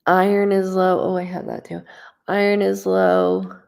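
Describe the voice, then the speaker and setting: Blunt, gravelly-voiced woman medium. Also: mid-range voice, very animated, a little slow, a little mellow. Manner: blunt, swears freely, talks straight to the viewer. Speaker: psychic medium doing live readings. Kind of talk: casual live-stream reading.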